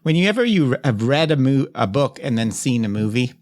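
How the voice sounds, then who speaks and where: Male podcast host, mid-range voice, casual and halting delivery. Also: mid-range voice, sing-song, darkish tone. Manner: hesitant, many fillers and restarts. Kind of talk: casual interview chat.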